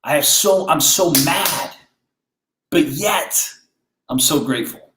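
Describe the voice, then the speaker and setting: A man with a fairly high voice delivers a blunt, fired-up motivational monologue as a podcast host. He keeps firing rhetorical questions at his listeners. The sound is roomy, with audible echo off the walls. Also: expressive, slow, noisy background.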